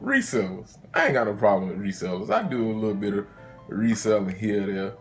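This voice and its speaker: A man's voice: lowish voice, sing-song, brisk, soft background music. A man with a Southern US accent ranting in a casual sneaker vlog from his car, agitated, slangy and profane. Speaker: sneaker vlogger.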